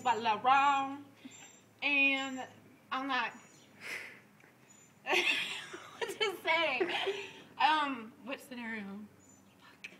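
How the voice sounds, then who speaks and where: A man voicing a brash, crude young woman who laughs through her loud improvised comic story. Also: very high-pitched, a little hiss or hum, exaggerated voice, rough recording.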